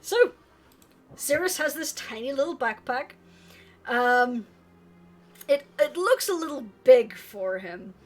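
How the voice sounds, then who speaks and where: A woman's voice: high voice, lively intonation, slow, long pauses. A woman narrating as game master of a tabletop game, giggling often and leaning on fillers. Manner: giggly, filler-heavy, hesitant.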